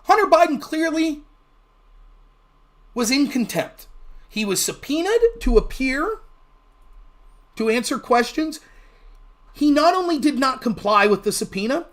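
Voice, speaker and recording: A man hosts a political livestream with combative, sarcastic commentary. His pitch swings widely, and he keeps breaking into mocking put-on voices. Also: a bit bright. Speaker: livestream political show host.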